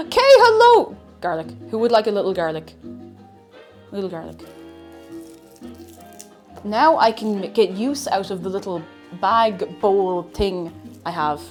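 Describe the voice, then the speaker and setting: A woman with a mid-range voice cooks at home on a live stream, chatting at a measured pace with long pauses as faint music plays behind her. She rambles, makes fun of herself, and talks to herself and her viewers.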